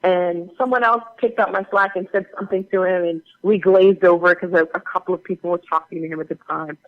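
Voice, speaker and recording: A woman guest on an interview show, telling animated stories in a casual way with lots of fillers. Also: lowish voice, fast talker, phone-quality sound. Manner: animated, chatty anecdote-telling with many fillers. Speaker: guest actor.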